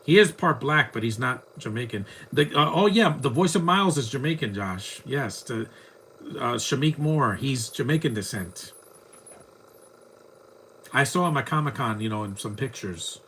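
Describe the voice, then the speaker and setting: A man's voice: mid-range voice, animated, normal speed, fairly bright tone, a little hiss or hum. Chatty man riffing on a bad movie. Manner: rambling, chatty, mocking the film. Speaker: movie commentary host. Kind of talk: casual live movie commentary.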